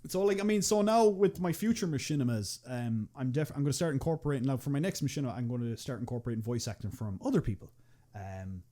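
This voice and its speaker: A man's voice: medium pitch, fast, dark tone. A young Irish man chatting casually on a podcast as a guest, rambling with many restarts and fillers and swearing freely. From Ireland. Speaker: podcast guest, machinima creator.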